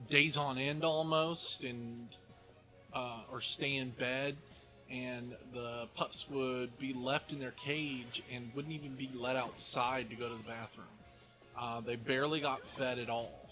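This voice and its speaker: Casting note: man, let's play co-host, slow halting delivery, bright tone, soft game music behind. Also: medium pitch, fairly even intonation, low-quality recording. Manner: halting, many fillers and restarts. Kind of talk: casual gaming chat.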